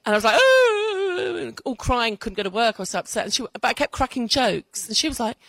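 A woman's voice: fairly high pitch, fast, fairly bright tone, no echo, low-quality recording. A middle-aged woman stand-up comedian chatting in an interview, laughing often. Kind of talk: casual interview. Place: outdoor festival.

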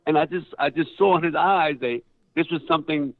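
A middle-aged man spins a story in an interview, casual and animated, jumping into other voices as he goes. His sound is dry and squeezed down to a tinny, phone-like band. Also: on the high side, brisk, no room sound. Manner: animated, acts out quoted voices loudly. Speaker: actor guest.

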